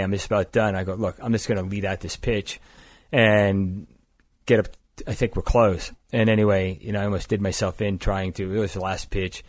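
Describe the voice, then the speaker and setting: Older east coast guy, low voice, super matter of fact, dry close sound. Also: no echo. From East Coast of the United States. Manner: matter-of-fact, plain storyteller. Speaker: guest, climbing gear company founder. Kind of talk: storytelling in a podcast interview. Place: indoors across a table.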